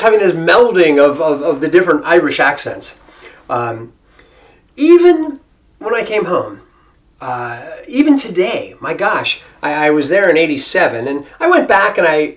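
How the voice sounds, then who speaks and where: A man's voice: a little high, fairly bright tone. A middle-aged man from Ohio with an American accent, telling a personal travel story in a casual, rambling way with many restarts and asides. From Ohio, United States.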